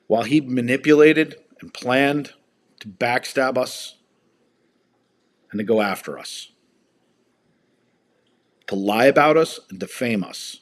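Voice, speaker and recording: A man's voice: medium pitch, slow, pauses often. A man hosting a live stream from home, ranting angrily and swearing with heated emphasis. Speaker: livestream host. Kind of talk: angry livestream rant.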